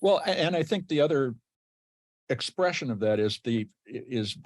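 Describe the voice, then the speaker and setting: A man's voice: mid-range voice, animated, moderate pace. A man hosting a podcast interview, setting up questions with emphatic, engaged remarks. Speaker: podcast host.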